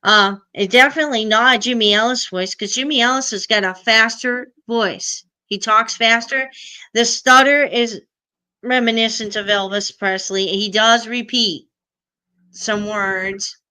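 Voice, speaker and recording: A woman's voice: on the high side, fairly even intonation, measured pace, sharp tone, smooth. A middle-aged woman hosting a casual live stream, chatting and answering viewers' comments.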